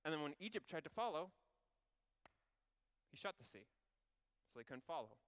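A male preacher with a high, bright and clear voice. He tells the story in a lively, casual way and drops wry asides to his listeners. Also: normal speed. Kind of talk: sermon.

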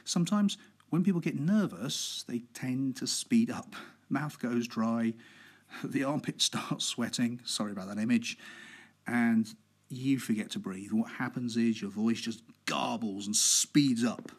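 A man with a husky, slightly breathy voice talks through a podcast on public speaking. He stays relaxed and conversational, dropping in fillers and keeping the pace deliberately slow. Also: mid-range voice. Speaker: podcast host.

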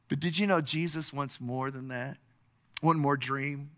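Pastor guy preaching, kinda high voice, forceful, tells stories then gets all urgent. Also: steady tone, unhurried. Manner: storytelling, earnest, building to impassioned appeals. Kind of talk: sermon.

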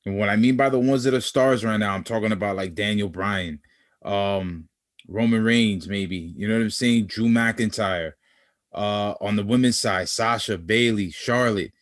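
A man's voice: lowish voice, moderate pace. A man in casual podcast chat about wrestling, talking conversationally with frequent "you know what I'm saying" asides.

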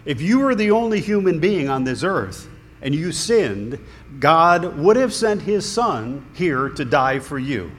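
A man's voice: on the high side, big pitch swings, measured pace, fairly bright tone. Earnest man preaching in an echoing hall. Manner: conversational, earnest, with small restarts. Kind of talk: sermon. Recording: long hall reverb, faint room noise.

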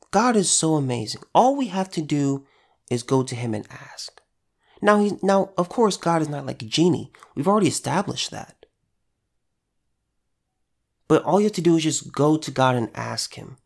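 A male preacher with a mid-range voice speaks in an animated yet unhurried way, with vocal fry and frequent pauses. His informal devotional talk is earnest and conversational, and he repeats phrases for emphasis and restarts sentences.

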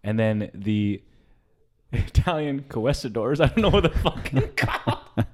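A man's voice: medium pitch, unhurried. Profane, ranting man on a podcast. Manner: animated, profane, jokey rants. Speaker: podcast co-host. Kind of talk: casual comedy chat.

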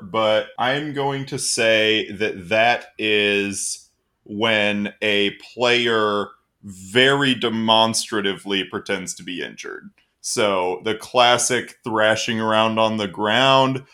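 A man with a low voice and a bright, forceful edge co-hosts a casual podcast. He jokes at his own expense and laughs easily. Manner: joking, self-deprecating, laughs often. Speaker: podcast co-host.

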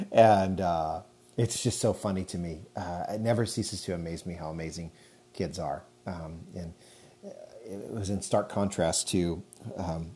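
Solo podcast host, man in his thirties, low voice, loose rambling delivery. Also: darkish tone, husky. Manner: chatty, rambling, frequent fillers. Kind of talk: casual solo podcast talk.

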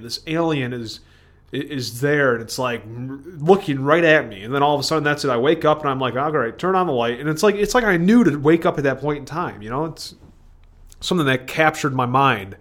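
A man's voice: mid-range voice, lively intonation, fairly quick, fairly bright tone. A man hosting his own podcast, talking alone in a rambling, digressive stream of consciousness that keeps breaking off and restarting. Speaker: podcast host. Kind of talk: rambling solo monologue.

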